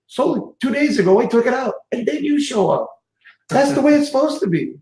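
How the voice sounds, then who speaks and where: Gravelly man hosting a chatty interview. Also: extremely high pitch, brisk. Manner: chatty, laughs often, animated storytelling. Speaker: interview host. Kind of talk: casual interview chat. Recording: echoey room.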